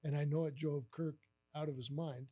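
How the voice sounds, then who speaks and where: Animated high-voiced older man telling stories. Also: normal speed. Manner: animated storyteller who acts out quoted voices with many fillers. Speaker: guest, former baseball catcher. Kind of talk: live podcast storytelling.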